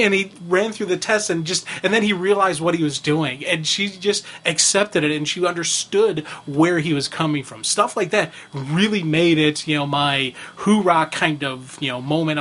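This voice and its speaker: A man's voice: sits high, moderate pace, few pauses, fairly bright tone. A man co-hosting a podcast in casual chat, talking with rambling enthusiasm and many fillers. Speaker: podcast co-host.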